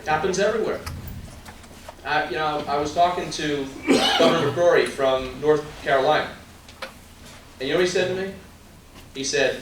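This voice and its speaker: A political candidate with a voice that sits high speaks a little slowly, with long pauses, amid heavy background noise. At a party meet-and-greet he gives an emphatic stump speech full of rhetorical questions and asides to the crowd, recorded from far off in a very echoey room.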